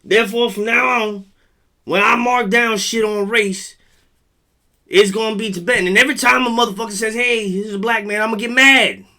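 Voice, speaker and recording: A man's voice: high-pitched, fairly even intonation, normal speed, pushed and bright. A man hosting a vlog, reading text aloud and breaking into blunt, profane rants. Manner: blunt, heavy swearing. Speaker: vlog host. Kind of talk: profane commentary monologue.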